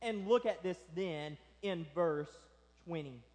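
A male pastor preaching a sermon, telling the story in a lively way and acting out its characters. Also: high-pitched, takes it slowly, long reverb tail.

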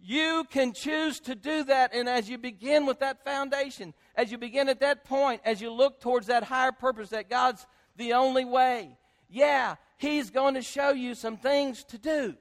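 Older guy preaching, pretty high voice, builds up then goes real quiet, big church reverb. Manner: swings between loud emphasis and hushed, drawn-out phrases; repetitive, rhetorical build-ups. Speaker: pastor. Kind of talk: sermon. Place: church sanctuary. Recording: long hall reverb.

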